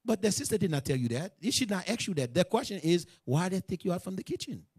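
A man with a high-pitched voice preaches to a class with emphatic, direct delivery, again and again checking that his listeners understand. The sound is dry and close, with little room in it. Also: very animated, quick pace, a little mellow, breathy edge, no echo. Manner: emphatic, asks "you understand?" often. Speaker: class teacher. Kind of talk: sermon-style teaching.

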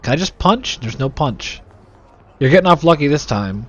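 A man's voice: a little high, animated, moderate pace, a bit bright. A young man hosting casual gameplay commentary, sarcastic and full of swearing and jokes into a desk microphone. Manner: profane, sarcastic, joking. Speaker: let's play host.

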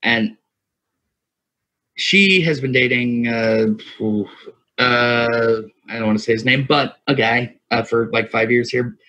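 A man in his thirties, co-hosting a podcast, tells a long, rambling story in casual chat, swearing freely and laughing often. His medium-pitched voice is slow, pushed and bright, recorded lo-fi on a single USB mic.

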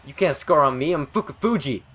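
A young man giving live commentary over a video game, excitable and rambling, swearing often and talking to himself. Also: fairly high pitch, brisk. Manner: excitable, swears a lot, rambling self-talk. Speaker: gaming commentator.

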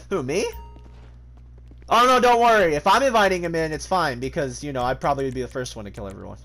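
A man's voice: mid-range voice, lively intonation, fairly quick, pauses often, a bit bright, faint music behind. A man streaming a game, chatting casually with lots of swearing, jokes and laughter. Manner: joking, swearing, laughing often. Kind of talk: casual gaming commentary.

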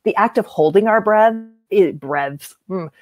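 A woman's voice: medium pitch, animated, unhurried, dry recording. A woman, a voice coach explaining breath and speech sounds in a thoughtful, explanatory way. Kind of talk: explanatory talk.

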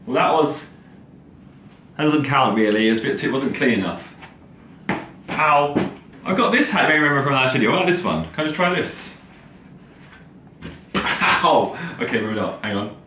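A man muttering quietly to himself as he tries something. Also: lively intonation, normal speed, long pauses, roomy sound, far from the mic, background noise. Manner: muttering to himself, low-key.

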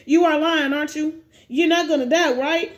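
A young man pleads urgently with his grandfather not to leave, as a woman reads the webcomic aloud. The voice sits high and sounds like her own. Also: steady tone, moderate pace, close to an everyday voice. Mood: pleading.

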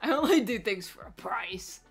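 A woman's voice: fairly high pitch, animated, normal speed, vocal fry, soft background music. A woman live streamer chatting casually with her viewers, blunt and profane, with a constant "like" in her speech. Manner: profane, blunt and teasing, with a lot of filler "like".

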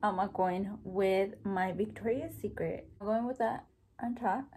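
A woman's voice: medium pitch, moderate pace, dark tone, breathy edge. A young woman, chatting casually through a makeup tutorial and mixing in Spanish words and casual swearing. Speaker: beauty vlogger.

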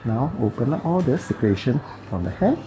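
A man's voice: mid-range voice, big pitch swings, a little fast, dark tone, slight background noise, poor audio. Playful Malaysian man making sound effects. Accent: Malaysian English. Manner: playful, makes sound effects while working; clipped, simplified English phrasing. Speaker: bone-setting therapist. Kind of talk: talking through a hands-on treatment.

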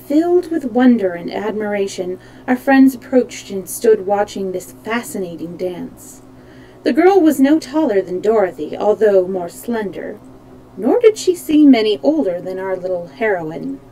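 A woman reading a children's book aloud in a calm, even manner, with small slips she corrects as she goes. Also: mid-range voice, a little slow, slight background noise, rough recording. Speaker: storyteller. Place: home streaming setup.

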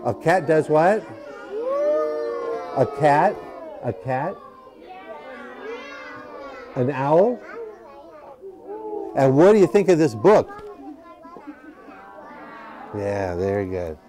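A man's voice: mid-range voice, sing-song, extremely slow, long pauses, noisy background. A man reading a picture book to children at a library, patiently asking the children questions as he goes. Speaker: library storytime reader.

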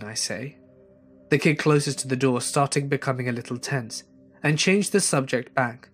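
A man reading a first-person horror story aloud in a measured storytelling delivery. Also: medium pitch, a bit bright. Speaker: narrator. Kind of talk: scripted horror story narration. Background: faint music.

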